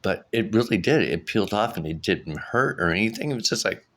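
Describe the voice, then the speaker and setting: A middle-aged man with a very low, deep voice talks straight to his viewers in a loose, personal vlog. He rambles and keeps restarting his sentences, filling the gaps with ums and uhs as he goes. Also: lively intonation, a little fast, a bit bright. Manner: rambling, with many restarts and fillers. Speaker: vlogger. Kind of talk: casual vlog monologue.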